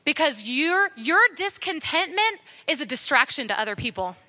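A young woman preaches to a group of women in an earnest, exhorting way and says her main points more than once. Her voice sits high and comes across bright and clear. She talks like a speaker in a church setting. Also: big pitch swings, normal speed. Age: young adult. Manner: earnest, exhortative, repeating key phrases. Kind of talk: sermon.

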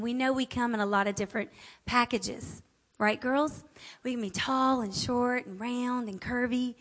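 A woman's voice: sits high, a bit bright. A woman speaker giving an inspirational talk to a women's audience, emphatic and chatty, repeating affirmations, calling out amen and asking the room questions.

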